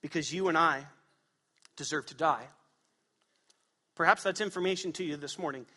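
A man's voice: fairly high pitch, moderate pace, sharp tone, long reverb tail. A man preaching a sermon as pastor to his congregation, emphatic, asking them questions. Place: church sanctuary.

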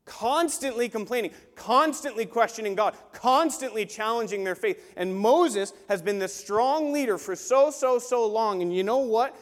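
A man preaching a sermon as a pastor, animated and acting out the voices he quotes. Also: very high-pitched, moderate pace, few pauses. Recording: long hall reverb.

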